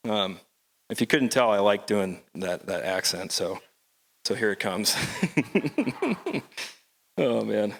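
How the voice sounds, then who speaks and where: A man's voice: lowish voice, slow, creaky, long pauses, fairly bright tone. A fisherman poet performing on a theatre stage, telling stories in a wry, conversational way. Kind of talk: stage poetry storytelling.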